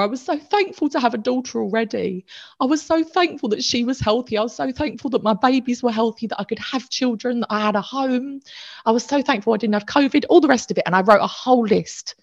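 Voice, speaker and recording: A woman, candidly telling an emotional personal story and swearing casually. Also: medium pitch. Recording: slightly dull lo-fi audio.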